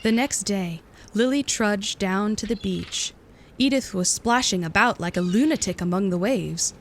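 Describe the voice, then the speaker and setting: A woman reads a storybook aloud in a calm, steady voice of middle pitch. Her narration is even and unhurried, with a faint hiss of noise underneath.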